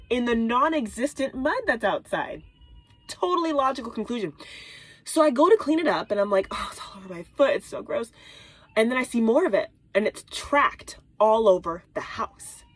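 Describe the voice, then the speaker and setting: A woman in her thirties, a mother, telling a story to camera in a casual vlog, animated and exaggerated, dropping into whispered asides, recorded in a small closet. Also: on the high side, no echo. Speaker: mom vlogger.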